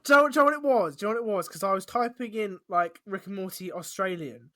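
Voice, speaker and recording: A man's voice: high-pitched, lively intonation, fast, bright, forceful tone, no echo. A young man hosting a podcast, chatty and rambling, laughing a lot in casual talk. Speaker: podcast host. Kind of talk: casual chat.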